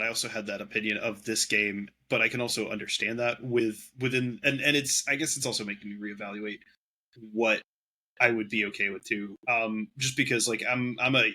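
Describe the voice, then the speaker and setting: A man chats on a casual podcast, hesitating and repeating words while he gathers his thoughts. His voice is low and husky but bright and forward. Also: fairly even intonation, moderate pace, rough recording. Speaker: podcast co-host.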